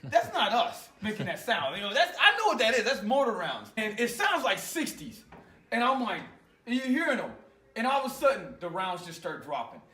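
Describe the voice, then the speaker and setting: A man, an Army veteran, telling an animated, profane war story in casual conversation in a garage. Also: high voice, a little fast, echoey room, far from the mic.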